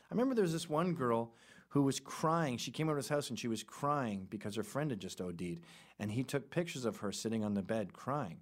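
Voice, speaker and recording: A middle-aged man hosting a podcast, talking in a rambling, irreverent, casual way. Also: lowish voice. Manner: rambling, irreverent, jumps between topics. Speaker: podcast host.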